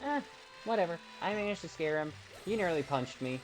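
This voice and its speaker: A man's voice: a little high, expressive, a little fast, rough recording. A young man chatting on a live stream, telling rambling stories in a playful way and chuckling between them. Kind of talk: casual live-stream chat. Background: background music.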